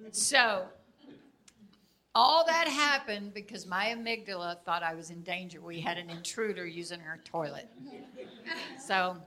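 An older woman teaching in a casual way, telling personal stories in an animated manner and laughing often. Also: mid-range voice.

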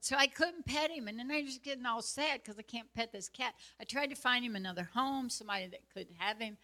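A chatty woman with a drawl, her voice bright and forward as she tells a homey story to a gathered group. She talks in an animated, easygoing way and slips into laughter now and then. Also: fairly high pitch, a little fast. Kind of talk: casual storytelling talk.

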